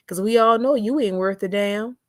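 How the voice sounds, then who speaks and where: Reading her livestream chat aloud, a young woman with plenty of sass drags out her side comments in a drawl. She speaks at a moderate pace in a mid-pitched voice, and the close-miked recording is dry.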